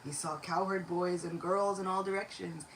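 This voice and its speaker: A woman giving a devotional lecture, telling a sacred story in an expressive, animated way. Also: on the low side, normal speed, slight background noise, low-quality recording.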